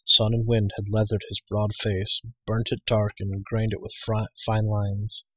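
A man narrates an audiobook in a steady, even storytelling manner. His voice is low and husky. The recording is dry and close on the mic. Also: measured pace, no room sound, lo-fi sound.

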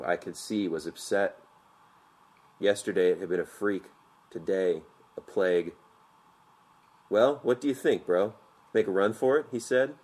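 A man narrating an audiobook in a measured, vivid storytelling manner. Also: low-pitched, a little mellow.

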